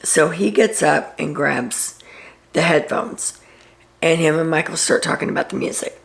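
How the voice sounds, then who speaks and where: Wry gravelly-voiced woman recapping. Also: low-pitched, a little slow. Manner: wry, gossipy retelling with sarcastic asides. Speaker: reality TV recap host. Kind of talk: casual recap commentary.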